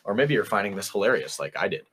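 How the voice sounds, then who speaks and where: A man's voice: fairly low pitch, very animated, quick pace, fairly bright tone, a little hiss or hum. A young man co-hosting a podcast, rambling through an anecdote in casual chat and laughing often. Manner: rambling anecdote, quoting others with "I was like", frequent laughs. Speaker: podcast co-host.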